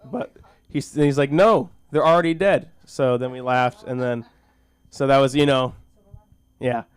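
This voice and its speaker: A man's voice: medium pitch, flat delivery, clear, resonant tone, no echo. Rambling man at an open mic. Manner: rambling, halting, with frequent restarts; self-deprecating and goofy. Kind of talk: stand-up comedy and recited monologue at an open mic. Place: small comedy school stage. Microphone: handheld stage mic.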